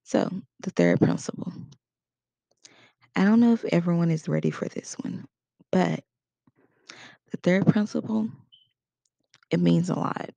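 A woman's voice: on the low side, a little slow, gravelly, pauses often, warm tone, dry recording. A woman giving a casual spoken lesson in a conversational way, acting out short example quotes. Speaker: instructor.

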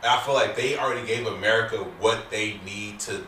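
A man's voice: lowish voice, steady tone, a little fast, sharp tone. A man hosting a casual chat, talking in a loose, joking, slangy way. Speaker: podcast host. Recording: roomy, distant mic with faint hiss.

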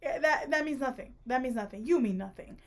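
A woman's voice: sits high, lively intonation, brisk. A woman co-hosting a casual book-club podcast, pushing back on points with wry jokes. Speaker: podcast co-host.

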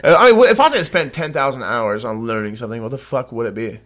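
A man's voice: medium pitch, animated, racing, a bit bright. A man co-hosting a podcast in casual chat, profane and laughing, calling everyone dude. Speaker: podcast co-host.

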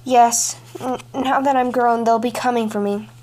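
A gentle young moon princess speaks softly through her tears in a storybook tale, voiced by a woman narrator. Her voice is fairly high. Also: fairly even intonation, normal speed, close to an everyday voice. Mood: sorrowful. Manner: soft, tearful. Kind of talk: storybook reading.

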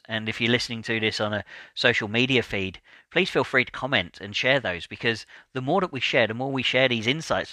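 A man hosting a solo podcast, talking in a calm, measured and deliberate way, sometimes repeating words as he thinks. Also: on the low side, dry recording. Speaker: podcast host.

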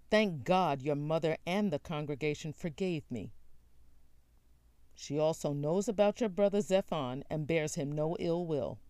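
A woman's voice: deep voice, mellow, dry recording. A woman voicing a stern father pastor. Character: stern male pastor, a father of grown sons.

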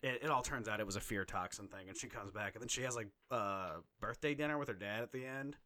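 A man casually chatting on a podcast, animated and profane, getting emotional as he retells stories. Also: lowish voice, quick pace. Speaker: podcast co-host.

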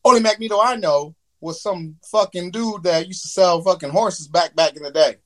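A man's voice: high-pitched, moderate pace, fairly bright tone, no room sound. A man voicing a crude, irritable male genie who complains and curses a lot. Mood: grumbling. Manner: profane, put-upon complaining.

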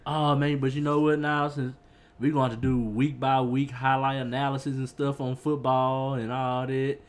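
A man's voice: medium pitch, little pitch movement, normal speed. A young man co-hosting a casual sports chat in a laid-back, laughing way. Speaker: podcast co-host.

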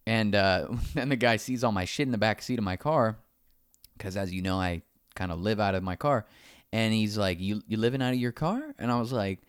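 A man's voice: fairly low pitch, normal speed, clear, resonant tone, no echo, studio quality. A man casually telling a long anecdote, acting out the other people's lines as he goes. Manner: animated, acts out quoted dialogue.

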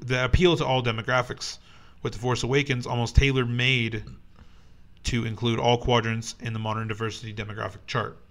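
A man's voice: mid-range voice, a bit bright. Young male podcast co-host, casual, rambling, filler-heavy. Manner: rambling with many fillers and restarts. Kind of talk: casual chat, reading news aloud.

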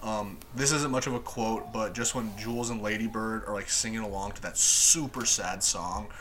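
Man, casual podcast chat, bright forceful tone, slightly low voice, faint hiss. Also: normal speed. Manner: excited, laughing, quoting lines. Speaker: podcast host.

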